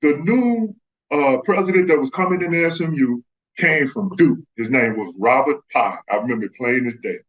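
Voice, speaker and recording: A man's voice: mid-range voice, lively intonation, moderate pace, fairly bright tone, muffled recording. A man, a guest telling stories in casual chat and acting out the voices of the people in them. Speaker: guest, former pro basketball player. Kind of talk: casual storytelling.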